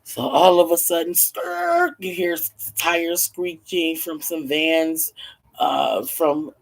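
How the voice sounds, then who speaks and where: Gravelly man telling a story. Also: on the high side, slow pace. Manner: animated, acts out each character's lines. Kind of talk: casual storytelling with acted voices.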